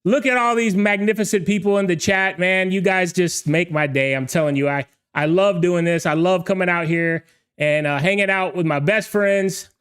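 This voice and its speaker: An excited man hosts a live online show, shouting greetings to his viewers. His voice sits high and comes across smooth and clear. He rambles and stumbles over his words in his eagerness. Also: moderate pace. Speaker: livestream show host and DJ. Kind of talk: energetic livestream hosting.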